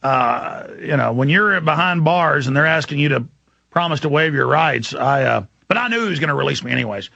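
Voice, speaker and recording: A man's voice: a little high, expressive, fairly quick, creaky, bright, forceful tone, no echo, highs cut off. A man hosting a radio talk show, rambling through an emphatic story in a monologue.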